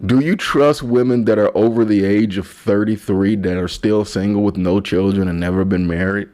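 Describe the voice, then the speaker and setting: This is a solo podcast monologue from a man whose fairly low voice stays fairly even and a little mellow at a moderate pace. His casual talk wanders and jokes, often cutting itself off and beginning again.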